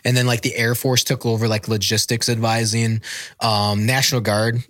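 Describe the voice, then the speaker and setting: A man's voice: medium pitch, level tone, moderate pace, a bit bright, no echo, studio quality. A man in his thirties, a former Marine, telling a long rambling story in casual interview talk, swearing and acting out the people he quotes. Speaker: podcast guest, former Marine.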